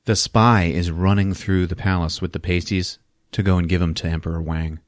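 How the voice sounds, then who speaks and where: A man's voice: sits low, steady tone, moderate pace, no echo, studio quality. A man hosting a podcast, casually recapping a movie in an amused, chuckling way.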